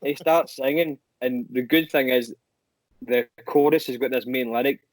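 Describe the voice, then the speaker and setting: A young man, a guest musician, telling animated anecdotes in casual chat and swearing casually. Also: medium pitch, moderate pace, no room sound, poor audio.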